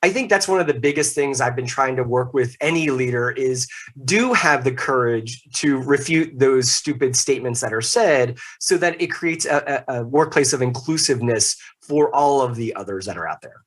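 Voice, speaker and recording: A middle-aged man speaking as a podcast guest, animated and emphatic, with jokey asides. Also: mid-range voice, normal speed. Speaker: podcast guest, leadership consultant. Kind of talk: casual interview talk.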